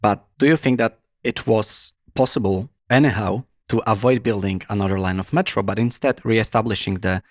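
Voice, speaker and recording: A man's voice: lowish voice, normal speed, few pauses, dry recording, clean studio sound. A man hosting an interview in a guest's apartment, asking questions hesitantly, with fillers and rephrasings. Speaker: interviewer, podcast host. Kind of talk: casual conversational interview.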